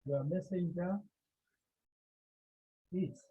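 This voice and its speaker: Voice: mid-range voice, very slow, slightly rough, muffled recording. A Greek teacher from Cameroon, lecturing a class, repeating key words and asking the students rhetorical questions.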